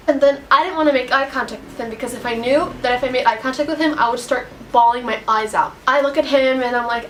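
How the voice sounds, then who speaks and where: A woman's voice: high-pitched, quick pace, few pauses, fairly bright tone, a little hiss or hum. A teenage girl telling a storytime vlog in a casual, rambling way, upset and full of "like". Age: teens. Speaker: vlogger.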